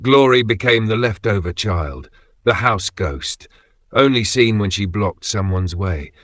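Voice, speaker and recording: A man narrating a scripted dramatic story in short, measured phrases. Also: on the low side, expressive, a bit bright, no echo.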